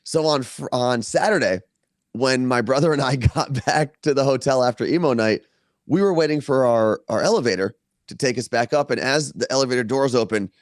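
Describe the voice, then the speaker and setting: A man's voice: mid-range voice, a little fast, no room sound, studio quality. A man co-hosting a podcast, telling a long story in casual chat from a hotel room and laughing often. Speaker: podcast co-host.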